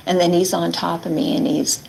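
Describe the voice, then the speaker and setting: A woman with a low, gravelly, darkish voice gives emotional testimony in an interview, recounting her ordeal earnestly. She speaks briskly in a level tone, quotes herself and others, and uses many "like" fillers. The rough recording has slight background noise.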